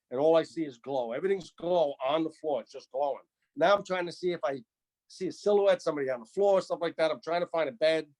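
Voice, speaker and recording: A retired firefighter tells an old story in an interview. His voice sits a little high for a man. He talks in animated runs and repeats himself as he builds the scene. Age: 60s.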